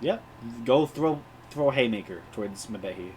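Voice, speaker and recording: A man's voice: mid-range voice, expressive, moderate pace, a crowd in the background. A man narrating as game master of an online tabletop game in an easygoing way, thinking aloud between turns. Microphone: home streaming mic.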